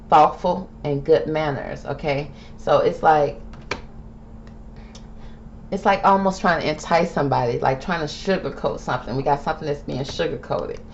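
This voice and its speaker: A woman's voice: low-pitched, moderate pace. A woman hosting a tarot reading commentary, talking emphatically, repeating "okay?" and calling the listener baby, sometimes heated and indignant. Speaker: tarot reader host. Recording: dull lo-fi with faint hiss.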